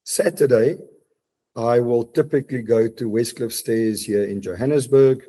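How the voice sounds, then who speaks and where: A man's voice: medium pitch, moderate pace, mellow. A man, a podcast guest talking reflectively from his home study, with frequent restarts. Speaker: guest, mountaineer and business leader. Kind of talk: casual podcast interview.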